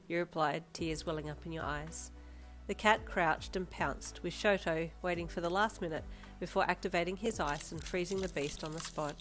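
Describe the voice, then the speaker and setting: A woman with a very low voice, reading fanfiction aloud in a steady storytelling style. Faint music plays underneath her narration. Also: normal speed. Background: faint background music.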